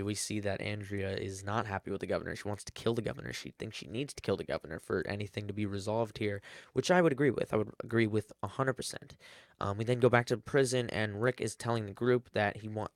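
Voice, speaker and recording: A man's voice: on the low side, no room sound, studio quality. A man giving a rambling, casual episode recap, full of fillers and self-corrections. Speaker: TV episode reviewer.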